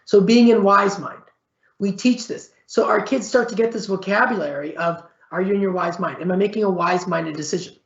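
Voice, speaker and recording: A middle-aged man with a gravelly edge in his voice gives a conversational webinar lecture. He keeps checking in with his listeners and acts out little exchanges in a livelier voice. The audio sounds echoey and slightly muffled. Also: a little fast, a bit bright. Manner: conversational, repeats "all right?" and "right?" as check-ins; acts out short exchanges with varied pitch. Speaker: psychology professor presenting a webinar.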